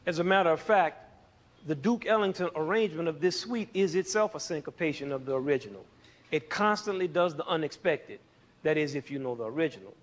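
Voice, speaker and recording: A man's voice: a little high, animated, fairly quick. A man hosting a scripted music lesson, playful and demonstrating rhythms by counting beats aloud. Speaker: music educator and show host.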